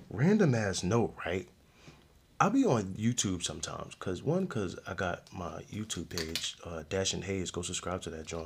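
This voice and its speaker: A young man hosting a podcast, giving a casual, slangy review of a show with frequent laughs and animated outbursts. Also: gravelly, breathy edge. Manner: animated, slangy, laughs often, loud jumps in pitch. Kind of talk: casual solo review chat.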